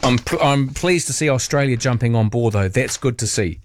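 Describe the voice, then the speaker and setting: A man's voice: mid-range voice, normal speed, background noise. A man hosting talkback radio, chatty and opinionated, musing aloud with playful asides.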